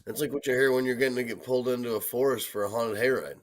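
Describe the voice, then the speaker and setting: A man chatting casually as co-host, loud and laid-back with some swearing. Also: mid-range voice, steady tone, rapid-fire, slight background noise. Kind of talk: casual chat.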